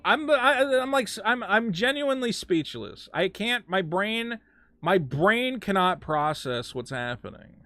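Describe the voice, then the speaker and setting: Lively bright-voiced man streaming a game. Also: high voice, measured pace, dry recording. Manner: excitable, stammering, swears a lot. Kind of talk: casual live-stream chat while gaming.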